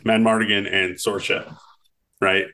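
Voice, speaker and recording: A man's voice: lowish voice, flat delivery, unhurried, gravelly, sharp tone. A man co-hosting a podcast in casual chat, rambling through movie scenes and laughing as he retells them. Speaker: podcast co-host.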